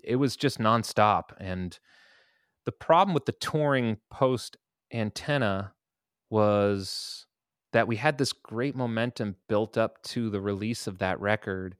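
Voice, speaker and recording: A man with a lowish, smooth and resonant voice, talking as a guest musician in a relaxed interview. He tells loose stories and swears offhandedly, recorded close and dry. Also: takes it slowly, no echo. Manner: laid-back storytelling, laughs and swears casually. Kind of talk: casual interview.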